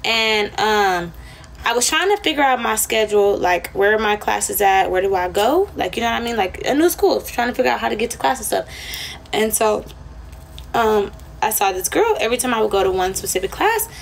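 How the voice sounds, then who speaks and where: A woman's voice: medium pitch, sing-song, a little fast, vocal fry, slight background noise. A young woman chatting casually on a livestream, telling a rambling, slangy, profane story to her viewers.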